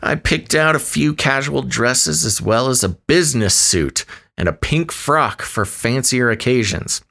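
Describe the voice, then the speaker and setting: A man's voice: mid-range voice, lively intonation, a little slow, vocal fry, bright, forceful tone. Male podcast co-host, wry and joking, reading a story with asides. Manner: wry, joking, laughs often while reading. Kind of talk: casual podcast chat, reading a news story aloud.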